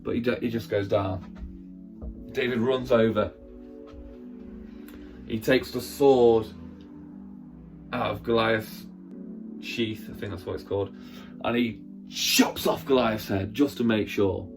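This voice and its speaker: A man, a church presenter, telling a Bible story in a lively, acted-out way with sound effects. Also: lowish voice, slow, long pauses, faint music behind.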